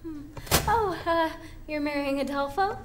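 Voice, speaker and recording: A woman's voice: sits high, unhurried, background noise. A woman playing a dramatic, flustered young starlet bride in a stage musical, flighty and theatrical.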